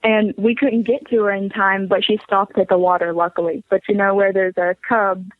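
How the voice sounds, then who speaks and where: An earnest teenage girl calls in to a podcast and tells her story in a plain, chatty way. Her voice is middle-pitched and comes through a dull, lo-fi call line. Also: flat delivery, moderate pace, no echo. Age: teens. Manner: earnest, uses "like" a lot. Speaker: caller. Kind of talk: telling a story on a call-in show.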